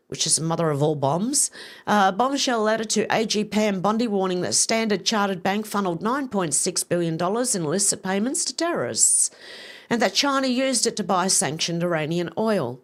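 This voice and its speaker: Woman, livestream host; casual news commentary, blunt and profane. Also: mid-range voice. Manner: reads posts aloud with blunt, profane asides.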